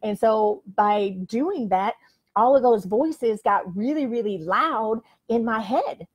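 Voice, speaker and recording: Facing the camera, an older woman life coach delivers a frank, emphatic motivational talk, saying "like" a lot. Her fairly high voice is husky and animated but slow, captured with lo-fi sound.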